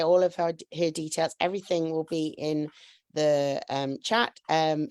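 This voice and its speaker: Low gravelly-voiced woman hosting a podcast. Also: no room sound, clean studio sound. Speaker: podcast host. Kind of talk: online live stream interview.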